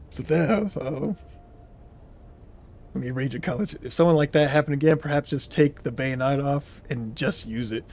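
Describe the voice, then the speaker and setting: A man's voice: medium pitch, creaky, a little mellow. A young man streaming, telling a story casually and reading chat comments aloud, laughing now and then.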